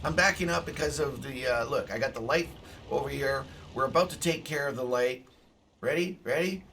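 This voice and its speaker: A man chats over his own tank match in a middle-pitched voice, swearing freely and erupting into shouts when the action heats up. He sits a little back from the microphone, and a faint background noise runs under his talk. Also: brisk, gravelly, distant mic. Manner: excitable, swears, bursts into shouts. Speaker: gameplay commentator. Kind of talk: casual gameplay commentary.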